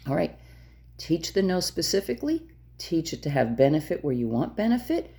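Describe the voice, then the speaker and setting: A woman's voice: deep voice, big pitch swings, moderate pace, warm tone. A woman dog trainer giving direct, emphatic instructions to camera, repeating her key points.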